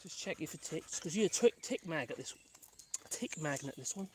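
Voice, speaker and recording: Out on a rural footpath, a man hikes with his dogs and keeps up a loose, rambling chat for his vlog, often calling to the dogs and chuckling. He sounds fairly high-pitched and darkish in tone, with lively intonation at a moderate pace and a little hiss or hum in the recording.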